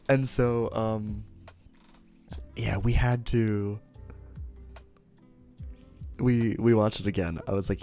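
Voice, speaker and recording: A man's voice: lowish voice, steady tone, slow pace, pauses often, mellow, faint music behind. A young man streamer casually telling a story to his chat, rambling and interrupting himself, laughing at his own remarks. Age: young adult.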